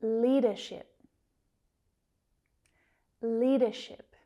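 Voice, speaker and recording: A woman teaching English pronunciation, saying words slowly and clearly, drilling each one several times with careful articulation. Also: a little high, steady tone, mellow, lo-fi sound. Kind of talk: slow, deliberate pronunciation lesson.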